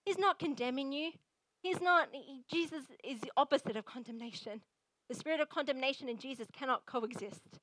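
A woman pastor giving a sermon in an energetic, emphatic, conversational way. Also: high-pitched, fairly quick, no room sound, poor audio.

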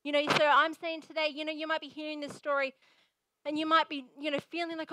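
A woman pastor giving a sermon in an energetic, emphatic, conversational way. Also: high voice, fast, background noise.

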